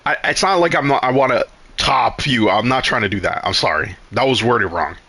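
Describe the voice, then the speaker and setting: Bright-voiced man telling stories on stream. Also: mid-range voice, fairly quick. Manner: animated, profane, rambling with restarts. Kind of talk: casual storytelling on a live stream.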